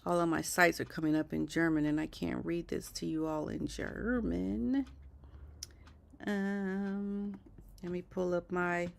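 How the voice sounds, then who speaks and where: Slow, chatty woman livestream host. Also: lowish voice, fairly even intonation, creaky. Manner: chatty, talks to viewers in chat, keeps asking "okay?". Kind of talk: casual commentary livestream.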